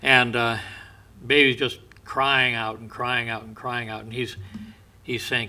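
A male pastor giving a sermon, an unhurried storyteller who often drops to a soft, low voice. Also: level tone.

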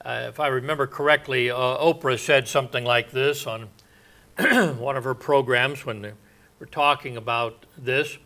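A man preaching a sermon in a slow, halting way, with many pauses and fillers. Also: medium pitch, bright, forceful tone.

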